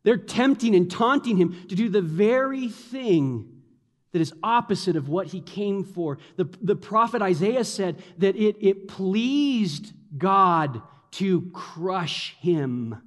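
High-voiced preacher in a reverberant hall. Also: male voice, takes it slowly. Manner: animated, acts out the mockers' taunts. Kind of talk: sermon.

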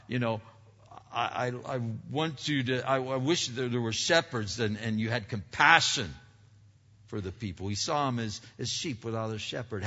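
A man's voice: on the low side, a bit bright, breathy edge. A man preaching a sermon earnestly, often restarting words and asking rhetorical questions. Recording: dull recording with long hall reverb.

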